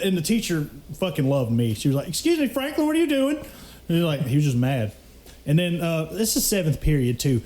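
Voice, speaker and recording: A young man telling animated, profane stories in a casual podcast chat, laughing often. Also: on the high side. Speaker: podcast co-host.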